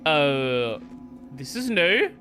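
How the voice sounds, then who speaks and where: Male streamer, lively high voice, rambling, swears casually. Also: slow, soft background music. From Australia. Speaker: gaming streamer. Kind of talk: casual gameplay commentary.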